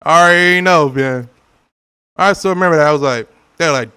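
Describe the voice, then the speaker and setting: This gaming streamer, a young man from California, keeps up a casual chat with viewers as he plays, joking and laughing often and occasionally acting out silly quotes. He rambles loosely at a moderate pace, and his slightly high voice is smooth, clear, bright and forceful.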